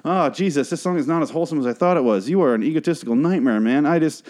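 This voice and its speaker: A man's voice: on the high side, fast, a little mellow. A man hosting a comedy podcast, ranting in a rambling, profane and exasperated way while reacting to song lyrics. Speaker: podcast host.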